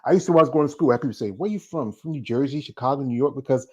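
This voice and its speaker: A man's voice: medium pitch, racing, warm tone. A man in his forties from North Carolina, hosting a casual interview, rambling and repeating words as he talks. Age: 40s. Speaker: interview host. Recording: dull lo-fi sound.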